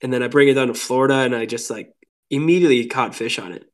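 A man from Minnesota chats as a podcast guest, telling stories with lively energy. He laughs easily and keeps dropping "like" between his phrases. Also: medium pitch, quick pace. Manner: animated, laughing, lots of "like" fillers. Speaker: podcast guest, lure builder. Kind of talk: casual storytelling chat.

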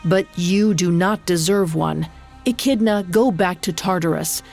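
A woman's voice: on the low side, a little slow, gravelly, a little mellow, faint music behind. A woman narrator voicing a stern primordial earth mother goddess, speaking in a grave, commanding way.

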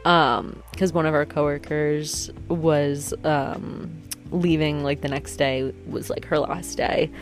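A young woman with a notably low voice, rambling through a story with lots of fillers and wry jabs at herself. Faint music plays behind her. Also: steady tone, slow. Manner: chatty, filler-heavy, self-mocking. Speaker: vlogger. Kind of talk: casual storytelling monologue.

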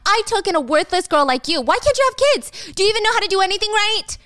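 A domineering middle-aged mother-in-law, put on by a woman in a piercing, high scolding voice. Every line shrieks down at the person in front of her. The sound is dry and close. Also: quick pace, fairly bright tone, no room sound. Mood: furious scolding.

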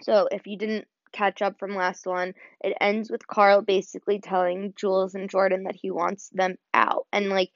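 This is a young woman's solo podcast: relaxed, filler-heavy talk that turns emotional and choked up at moments. Her mid-range voice is gravelly and flat, moving at a normal speed with few pauses, recorded dull and dry without room sound.

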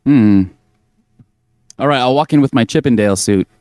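A man's voice: mid-range voice, normal speed, warm tone, clear, resonant tone, no echo, studio quality. A man appearing as a guest on a comedy podcast, playful in casual banter.

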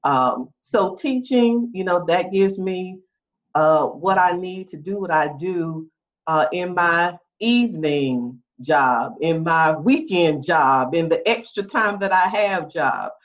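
A woman's voice: lowish voice, expressive, slow pace. Laughing middle-aged woman, lo-fi. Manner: warm, laughs often, many fillers. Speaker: guest, writing consultant. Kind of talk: podcast interview. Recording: dull lo-fi audio.

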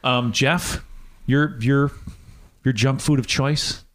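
A man hosting a podcast, chatting casually and teasing his guests with quick asides. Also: mid-range voice, steady tone, fairly bright tone. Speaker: podcast host; married father. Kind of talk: casual chat.

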